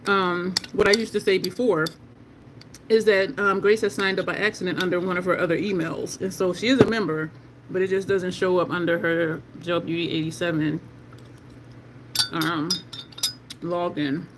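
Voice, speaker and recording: Excitable chatty beauty livestream host. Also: medium pitch, normal speed, background noise. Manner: excitable, chatty, talks to chat as "y'all". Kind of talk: casual livestream makeup swatching. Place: at home in Delaware.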